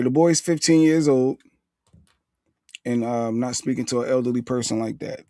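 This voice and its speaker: A man hosting a casual live stream, relaxed, reading viewer comments aloud. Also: mid-range voice, moderate pace, no room sound. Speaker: show host.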